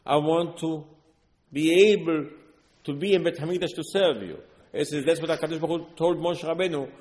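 A man delivers a Torah sermon in a somewhat high voice, earnest and insistent. He repeats phrases and punches certain words loudly. His voice trails into a long, echoing hall reverb. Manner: earnest, repeats words, sudden loud emphasis. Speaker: religious teacher.

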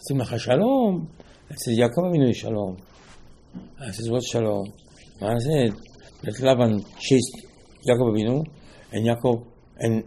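A man giving a Torah class as a rabbi, in halting, with emphatic restarts. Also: medium pitch, a little mellow, husky. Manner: non-native English, halting restarts, rising emphasis.

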